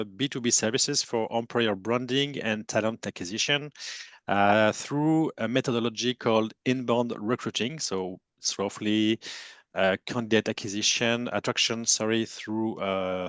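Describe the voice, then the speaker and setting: A man with a French accent speaks on a webinar panel in a lowish voice, stopping often with fillers and restarts. He sounds self-deprecating, and the recording is dry and close. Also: a bit bright, clear, resonant tone, dry recording. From France. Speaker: panelist, agency CEO.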